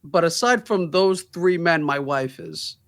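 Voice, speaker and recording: Guy in a casual interview, animated storyteller, kinda high voice for a man. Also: a little slow. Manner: animated, laughs through his stories. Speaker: law firm managing partner, guest.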